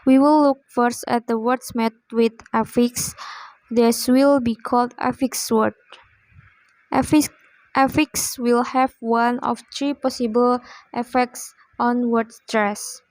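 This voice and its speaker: A young woman reading a class presentation in a slow, measured way with pauses. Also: on the high side, no echo, poor audio. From Indonesia. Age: young adult. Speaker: student presenter.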